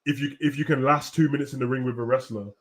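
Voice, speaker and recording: A young man hosting a casual, animated wrestling rant full of slang, at times breaking into shouts. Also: medium pitch, quick pace. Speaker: host. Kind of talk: casual ranting commentary.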